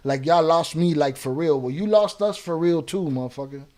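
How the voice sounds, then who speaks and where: A man's voice: fairly high pitch, normal speed, few pauses, a little mellow. A man hosting a live reaction stream, reading chat comments aloud and firing back in profane street slang with a Chicago accent. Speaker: reaction channel host.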